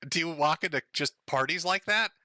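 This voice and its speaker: An older man talks straight to his stream chat in a mocking, swearing commentary. His voice is bright and forward, a little high for a man. The sound is dry and close. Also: a little fast, no room sound. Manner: sarcastic, profane, laughing. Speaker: streamer host.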